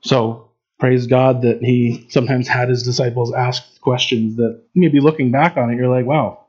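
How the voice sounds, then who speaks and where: A man's voice: mid-range voice, steady tone, moderate pace, darkish tone, lo-fi sound. A man preaching in an informal, conversational way, with frequent fillers and restarts. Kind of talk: informal Bible teaching.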